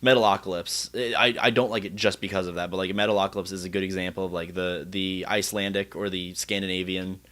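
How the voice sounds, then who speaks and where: A man's voice: deep voice, level tone, quick pace, few pauses, a bit bright. A man hosting a casual podcast chat, rambling and restarting his sentences as he thinks. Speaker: podcast host.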